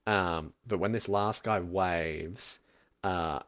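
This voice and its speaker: A man running a tabletop game as game master, describing scenes in a relaxed, rambling way full of fillers. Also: low voice, slow pace, muffled recording.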